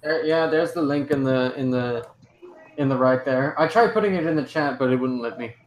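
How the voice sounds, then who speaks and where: A man's voice: medium pitch, normal speed. A man talking about his video channel in a casual group chat, hesitant and stammering. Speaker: content creator. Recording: echoey, noisy call audio.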